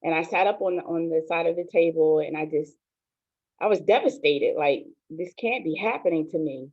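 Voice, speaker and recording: A woman in her forties, a pastor, telling her own story in a soft, hesitant, earnest way, with many pauses and ums. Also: low-pitched. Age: 40s. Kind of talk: personal testimony on an online show. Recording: tinny phone-like line, dry.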